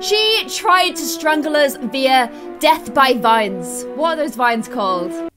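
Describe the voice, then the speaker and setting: A woman's voice: high voice, animated, slow, music in the background. A young Irish woman giving bubbly, chatty let's-play commentary as a gaming host. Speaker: gaming YouTuber.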